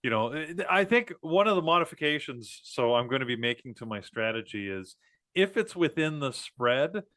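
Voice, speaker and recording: A man's voice: mid-range voice, expressive, moderate pace, sharp tone. A man co-hosting a live trading stream, chatting in a rambling way and laughing at his own jokes. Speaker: trading show co-host. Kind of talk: casual live-stream chat.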